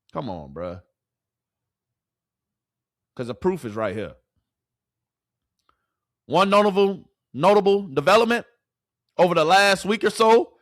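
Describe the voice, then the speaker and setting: A man's voice: high-pitched, fairly bright tone, no echo, clean studio sound. A man ranting to his live chat as a sports commentator, repeating rhetorical questions in exasperation.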